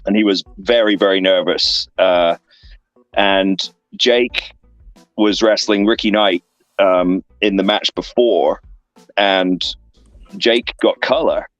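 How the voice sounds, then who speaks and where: Rambling lower-voiced English man telling stories. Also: slow pace, no room sound, highs cut off, soft background music. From England. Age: 30s. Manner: rambling, filler-heavy anecdotes with lively voiced asides. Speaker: guest, professional wrestler. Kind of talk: casual storytelling interview. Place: online interview stream.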